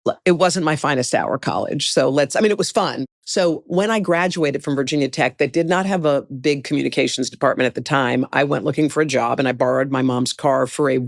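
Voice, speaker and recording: A middle-aged woman from the United States, a guest telling a story in conversation, animated and acting out the people in it. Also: extremely low pitch, brisk, gravelly, dry recording, clean studio sound.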